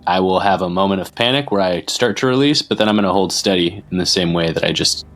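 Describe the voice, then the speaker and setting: A man playing a tabletop game, describing his character's actions in a measured way. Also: deep voice, fairly bright tone. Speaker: player.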